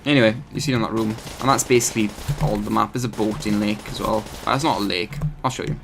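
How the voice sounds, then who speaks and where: A man's voice: fairly low pitch, steady tone, quick pace, vocal fry, slight background noise. A man hosting his gaming channel, giving rambling, chatty live commentary over his gameplay and often correcting himself.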